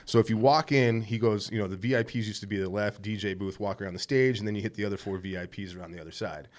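A man's voice: on the low side, quick pace. A man telling a long, rambling story in casual, profane chat, laughing as he goes. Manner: rambling, profane, laughs through his stories.

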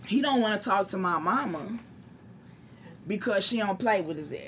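A young adult woman telling a profane, animated story to friends and acting out the quotes. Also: medium pitch, normal speed, a little hiss or hum.

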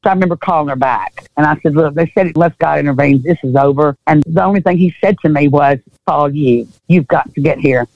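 A woman's voice: deep voice, brisk, few pauses. An earnest woman with a Southern US accent recounts a story as an interview guest, voicing the people in it and circling back over her words. The recording is dull and lo-fi, with a close, dry sound and no room echo. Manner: earnest, acts out dialogue, repeats herself.

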